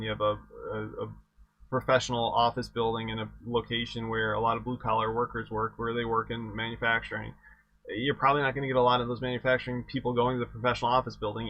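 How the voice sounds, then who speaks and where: A man running a casual exam review session as instructor, easygoing and halting, often repeating words as he thinks aloud. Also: mid-range voice, a bit bright, no room sound. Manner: easygoing, self-deprecating. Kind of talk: casual live-stream lecture.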